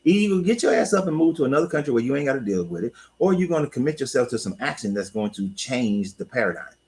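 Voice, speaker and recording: A man hosting a casual livestream talk, blunt and animated, swearing and laughing often. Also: medium pitch, fast, husky, rough recording. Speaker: host.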